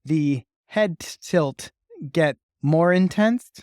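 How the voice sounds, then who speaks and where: A woman narrating a tabletop game as game master, measured and often laughing. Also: low-pitched, a little mellow, clean tone, no echo, studio quality.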